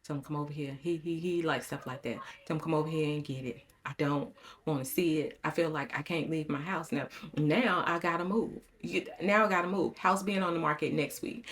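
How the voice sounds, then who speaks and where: Low-voiced woman vlogging. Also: normal speed. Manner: animated, dramatic storytelling with repeated phrases. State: shaken, voice trembling. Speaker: lifestyle vlogger. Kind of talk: casual vlog talk to viewers.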